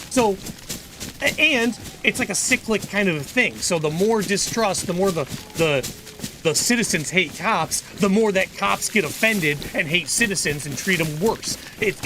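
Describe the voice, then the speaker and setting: A man's voice: fairly high pitch, noisy background. A man chatting casually on a gaming livestream. He is earnest and opinionated, and he rambles with frequent restarts. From United States.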